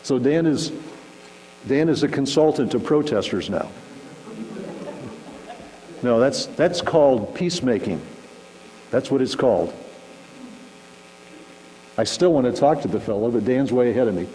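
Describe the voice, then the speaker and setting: A man delivers a relaxed, conversational sermon, now and then acting out little scenes to make his point. His voice rings with a long hall reverb, and a faint electrical hum sits underneath. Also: mid-range voice, a little slow, long pauses. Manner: conversational, animated, acts out shouting examples. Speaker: pastor. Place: church sanctuary.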